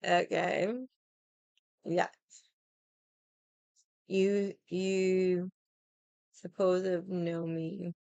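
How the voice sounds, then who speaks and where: A woman's voice: fairly low pitch, little pitch movement, very slow, vocal fry, long pauses, a little mellow, clear, resonant tone, no room sound, lo-fi sound. A young adult woman ranting casually to her stream, swearing a lot and sounding exasperated. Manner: profane, exasperated, mocks others in quoted voices. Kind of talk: casual venting rant.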